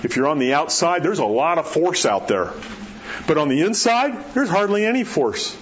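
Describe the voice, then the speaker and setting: Man preacher, folksy storyteller, sinks to hushed tones for emphasis, a little muffled with faint room hum. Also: a little high, very animated, moderate pace. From New Mexico. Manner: folksy storytelling, drops to a soft hush at key words. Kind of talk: sermon.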